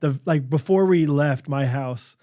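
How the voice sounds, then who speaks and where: A man's voice: on the high side, unhurried, no room sound, clean studio sound. A young man co-hosting a podcast, telling a hunting story in casual chat with lots of fillers. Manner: animated storyteller, many fillers. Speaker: podcast co-host. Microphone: studio microphone.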